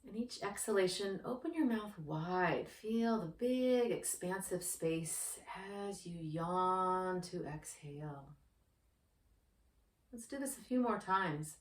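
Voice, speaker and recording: A woman who works as a yoga therapist, guiding a breathing practice in a slow, gentle, soothing manner. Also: lowish voice, animated. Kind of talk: guided breathing instruction. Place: indoor room with yoga mat. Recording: roomy, distant from the mic.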